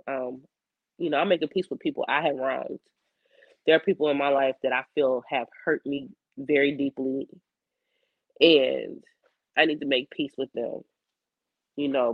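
Hoarse, coughing woman journaling candidly. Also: rumbling low, no room sound, narrow, tinny audio. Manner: candid, rambling, colloquial, reflective. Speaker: psychic medium keeping a video journal. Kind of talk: personal video journal.

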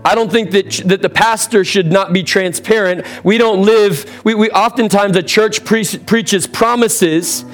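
A fired-up man preaching to his congregation, his voice sitting a little high. He keeps prompting the room for answers and leans hard into his points. Soft music plays underneath. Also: unhurried, few pauses. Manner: energetic, calls for congregation responses. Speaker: pastor. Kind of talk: sermon. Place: church sanctuary with congregation.

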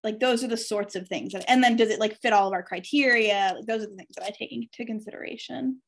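A young woman with a slightly high voice hosts a laid-back podcast. She talks through her opinions in a chatty way, full of "like" and restarts. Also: fast, creaky. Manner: opinionated, chatty, filler-heavy. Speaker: podcast host. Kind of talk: casual chat.

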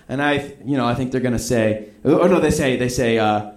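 A man's voice: mid-range voice, a little fast. A man telling a rambling personal anecdote, acting out the voices of the people in it. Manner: rambling, acts out quoted voices. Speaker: storyteller. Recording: roomy echo.

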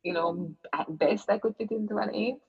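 A woman's voice: medium pitch, moderate pace, creaky, slightly rough. A woman guest in an interview, telling a personal story in an earnest, reflective way with many fillers and restarts. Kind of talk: personal storytelling in casual chat. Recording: dull lo-fi recording.

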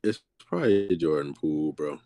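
A man co-hosting a podcast, talking basketball in a laid-back way with drawn-out fillers. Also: extremely low pitch, lively intonation, dark tone. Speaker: podcast co-host. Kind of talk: casual sports chat.

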